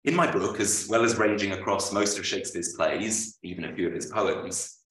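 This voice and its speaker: A man, an author, reading a prepared lecture aloud at a book launch, with measured, dryly witty delivery. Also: low voice, a bit bright. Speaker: author presenting his book. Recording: roomy, voice from far off.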